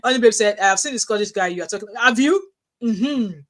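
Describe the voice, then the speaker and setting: A middle-aged woman with a Nigerian accent, chatting casually on a livestream, telling animated stories and reading out viewer comments. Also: mid-range voice, a little fast. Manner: animated storytelling with frequent restarts, reads out chat messages.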